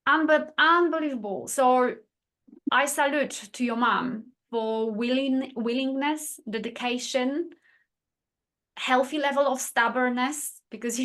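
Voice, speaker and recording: A woman who speaks as a hosts the interview with eager, emphatic delivery. She repeats key words for weight, and her voice sits a little high. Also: fairly bright tone. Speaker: nutritionist host. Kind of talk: interview host.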